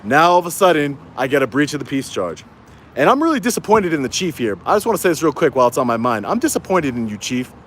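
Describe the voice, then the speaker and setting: A man's voice: a little high, very animated, fast talker, a little hiss or hum. Indignant man vlogging outdoors on a phone. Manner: indignant, rising to angry rhetorical questions. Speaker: citizen auditor and channel host. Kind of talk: casual vlog monologue. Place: outdoors on a city street.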